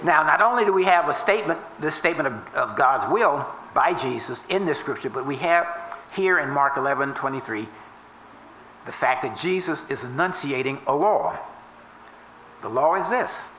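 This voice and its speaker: A man preaching a sermon as minister, teaching step by step and leaning hard on key phrases with slow, drawn-out emphasis. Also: a little high, animated, pushed and bright, roomy sound, a little hiss or hum, low-quality recording. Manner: teaching, explains step by step with formulas and scripture. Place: church before a congregation.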